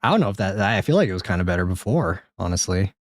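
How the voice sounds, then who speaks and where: Low-voiced rambling male streamer. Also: very animated, fast, no echo, clean studio sound. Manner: rambling, jokey, swears, talks to chat; sudden high-pitched exclamations. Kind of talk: live gameplay commentary.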